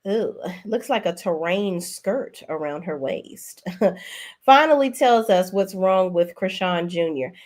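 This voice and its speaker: A woman's voice: lowish voice, lively intonation, takes it slowly, a little mellow. Sassy woman dishing gossip. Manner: sassy, blunt, exclaiming. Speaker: host. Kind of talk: casual gossip commentary.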